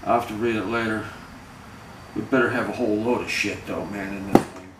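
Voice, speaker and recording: Man, low voice, rambling casual storyteller, swears a lot, far from the mic, echoey kitchen with dishes clattering. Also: steady tone, brisk, very noisy. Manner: rambling, profane, with many fillers. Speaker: vlogger.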